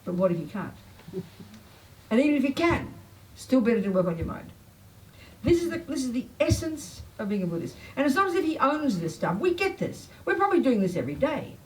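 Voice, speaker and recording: An older woman teaching a public Buddhist talk, blunt and emphatic, pitch swinging up when she makes a point. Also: very animated, fairly quick, distant mic, low-quality recording. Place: talk venue. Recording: faint noise, voice a bit off-mic.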